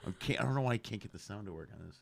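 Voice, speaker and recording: A man's voice: on the low side, rapid-fire, gravelly. A man hosting a casual comedy stream, telling stories and acting out bits. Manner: animated storyteller, acts out bits. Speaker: comedy show host. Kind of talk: casual live-stream chat.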